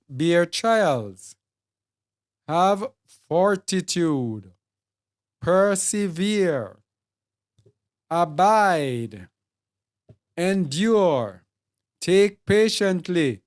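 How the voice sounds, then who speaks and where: Jamaican accent, sermon, slow measured delivery, emphatic word lists, mid pitch. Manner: deliberate, repeats and lists words for emphasis. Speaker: Bible teacher.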